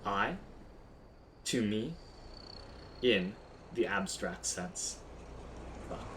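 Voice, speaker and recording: A man with a fairly low voice walks through grammar in a relaxed streamed lesson. He explains step by step, restarts his sentences often and drops the odd casual curse. A faint hiss of noise sits under his voice. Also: extremely slow. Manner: explains step by step, with frequent restarts and offhand swearing. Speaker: language teacher.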